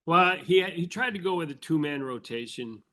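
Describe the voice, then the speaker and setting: A man's voice: fairly high pitch, lively intonation, normal speed, pushed and bright. An older man co-hosting a casual sports podcast, telling baseball anecdotes and laughing as he recounts them. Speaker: podcast co-host, former baseball insider.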